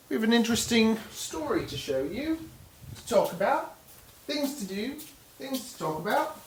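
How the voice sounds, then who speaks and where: Lively, playful woman vlogging. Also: fairly high pitch, normal speed, rough recording. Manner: playful and chatty, talks sweetly to her animals. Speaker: reptile keeper vlogger. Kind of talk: casual vlog talk to camera. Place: snake room at home.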